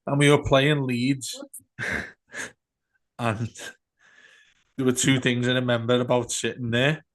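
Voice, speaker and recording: A man, chatting casually as a podcast co-host and telling animated match-day stories. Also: medium pitch, slow. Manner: animated storyteller, shouts out quoted fan heckles. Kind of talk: casual football chat.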